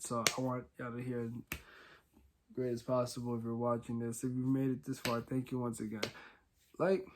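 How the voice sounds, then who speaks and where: A young man hosting a solo podcast, talking casually and candidly, rambling with many fillers and swinging between quiet and loud. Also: mid-range voice. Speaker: podcast host.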